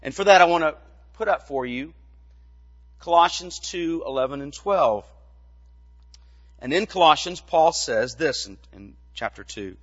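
A man's voice: a little high, animated, fairly bright tone, dull audio. Man preaching in a reverberant church. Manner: measured teaching with rhetorical questions. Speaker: pastor. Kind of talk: sermon.

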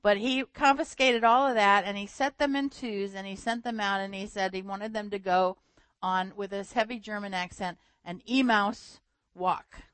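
Woman preacher, animated storyteller, dry close sound. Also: mid-range voice, moderate pace, clean tone, dry recording. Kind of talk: sermon.

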